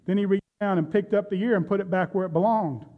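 A man's voice: sits high, fast talker, narrow, tinny audio. A man preaching a sermon, retelling Bible stories and speaking directly to his congregation. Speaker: pastor.

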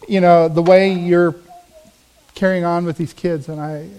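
A man's voice: sits high, steady tone, normal speed, dark tone, clean tone. A man, a pastor, preaching a sermon, telling a personal story in an earnest, storytelling way with emphatic swells.

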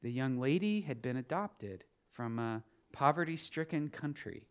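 Middle-aged guy preaching, swings from soft story to loud emphatic, voice jumps around a lot. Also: mid-range voice, lively intonation, a little slow, clean tone. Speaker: pastor. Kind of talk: sermon.

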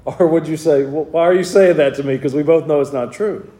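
A man's voice: fairly high pitch, fairly quick, warm tone. Preacher man in an echoey church. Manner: reads scripture in King James wording, then explains it plainly. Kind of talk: evening sermon with scripture reading.

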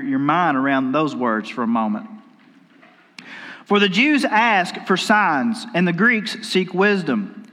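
A man's voice: high-pitched, fairly bright tone, in a large hall. A male pastor preaching a sermon, telling stories in a folksy way and often restarting his sentences. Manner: folksy storytelling with repeated restarts. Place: church sanctuary.

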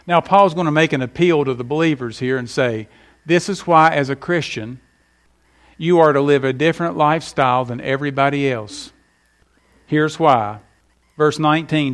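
Middle-aged preacher guy, kinda high voice, punchy and emphatic. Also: moderate pace, fairly bright tone. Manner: emphatic preaching with folksy anecdotes. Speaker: pastor. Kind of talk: sermon.

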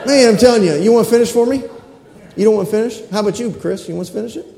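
A man preaching a sermon as pastor in a church, excitable and calling out for amens from the congregation. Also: high voice, very fast, vocal fry. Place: church sanctuary. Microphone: stage microphones. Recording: echoey church hall.

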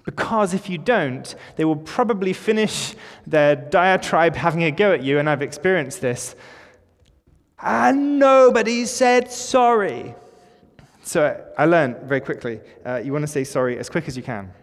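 A man's voice: on the high side, moderate pace, few pauses. Male pastor preaching in an echoey church. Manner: informal, conversational preaching with light jokes. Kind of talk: sermon. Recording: echoey church with long reverb.

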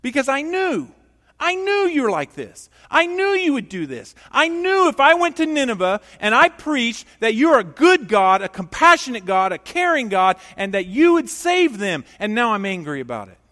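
A man's voice: medium pitch, animated, takes it slowly, gravelly, long pauses, voice pushed down, full character voice. A man voicing the prophet Jonah as an indignant, bitter man complaining to God, in a reverberant hall.

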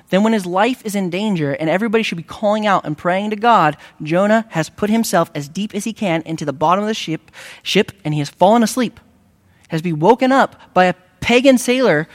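Earnest male preacher, high-pitched. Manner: earnest preaching with dramatic rises and slow emphatic repetitions. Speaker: pastor. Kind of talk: sermon.

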